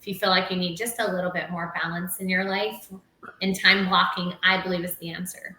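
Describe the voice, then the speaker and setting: Female guest, bright tone, talks in long loose runs, roomy sound. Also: fairly low pitch, flat delivery, brisk. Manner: chatty, rambling with fillers. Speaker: holistic doctor guest. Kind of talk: casual live-stream chat.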